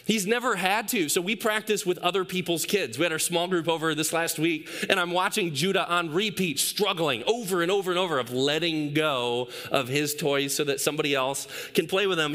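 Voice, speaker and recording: A man's voice: a little high, pushed and bright. A man in his thirties, a pastor preaching a sermon on a church stage, telling stories about his young son with playful acted quotes.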